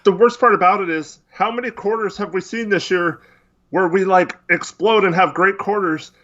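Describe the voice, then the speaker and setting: A man's voice: sits high, normal speed, pushed and bright, highs cut off. A man co-hosting a casual sports podcast, rambling and frustrated with lots of fillers. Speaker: podcast co-host.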